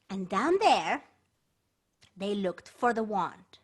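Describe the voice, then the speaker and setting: A woman performing a children's story with lively, sing-song repetitions and dramatic gasps. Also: mid-range voice, slow, pauses often.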